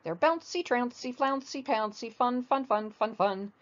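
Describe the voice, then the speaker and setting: A woman voicing a boisterous, boastful male tiger in a storybook reading, high and sing-song. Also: measured pace, dull audio, natural voice. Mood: gleeful. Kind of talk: storybook read-aloud.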